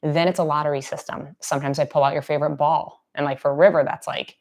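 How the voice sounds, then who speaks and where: A woman with a notably low voice explains dog training in a relaxed, chatty way during a live Q&A. Now and then she softens almost to a whisper to model gentle praise. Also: fast. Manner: conversational, drops to soft near-whispers to demonstrate praise. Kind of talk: casual live Q&A teaching.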